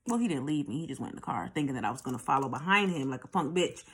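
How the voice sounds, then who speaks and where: A channel host tells her own story with candid bluntness and plenty of profanity, often repeating a line for emphasis. Her bass voice is animated, a bit bright and very fast.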